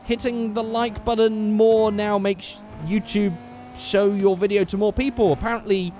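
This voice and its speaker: A man's voice: high-pitched, level tone, measured pace, darkish tone, soft background music. A young man giving rambling, casual gameplay commentary, swearing freely and correcting himself as he goes. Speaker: gaming YouTuber.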